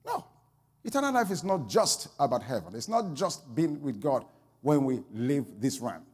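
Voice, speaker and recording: A pastor preaching a sermon, telling a story that swings from quiet asides to loud exclamations. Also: male voice, medium pitch, very animated, moderate pace, breathy edge, big-room sound.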